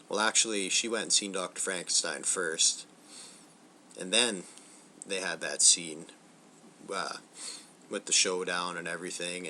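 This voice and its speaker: A man's voice: low-pitched, sharp tone, a little hiss or hum. A man hosting a casual spoken film review, loose and profane, acting out bits of movie dialogue as he goes. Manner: loose and profane, acts out film lines in snippets. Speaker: movie reviewer, channel host.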